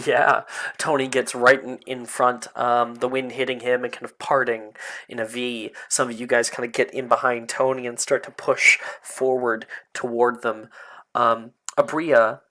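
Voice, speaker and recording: Male game master, slow unhurried pacing, halting fillers, casual tabletop narration. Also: mid-range voice, flat delivery, bright, forceful tone.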